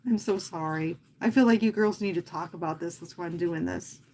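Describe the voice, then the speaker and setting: A woman who hosts live fitness classes, talking earnestly and from the heart to her viewers in a casual livestream, often pausing and speaking softly. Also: lowish voice. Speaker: fitness instructor and livestream host.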